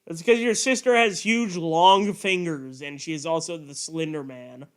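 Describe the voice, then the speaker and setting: High, smooth-voiced man joking crudely. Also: normal speed. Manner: crude, sarcastic jokes. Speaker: streamer. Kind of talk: casual chat.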